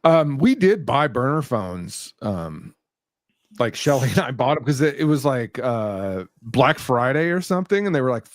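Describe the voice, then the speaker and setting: A man's voice: medium pitch, very animated, moderate pace, dry recording. A middle-aged man co-hosting a podcast, chatting casually with teasing dry jokes and many fillers. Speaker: podcast co-host. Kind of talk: casual chat.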